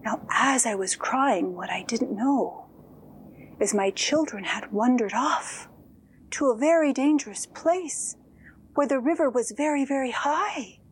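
A woman's voice: high voice, slightly rough, heavily acted. A woman telling as a weeping ghost mother. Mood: sorrowful. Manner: slow, sorrowful, drawn-out telling with sighs and soft whispers. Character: weeping ghost mother grieving lost children. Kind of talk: first-person storytelling to children.

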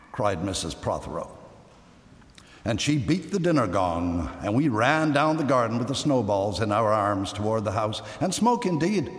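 A man reads a story aloud with a lively, dramatic delivery. His pitch swings widely from phrase to phrase. The sound rings in a roomy space with a long reverb trailing after each line. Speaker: reader. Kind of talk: scripted reading of a story. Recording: echoey room with long reverb.

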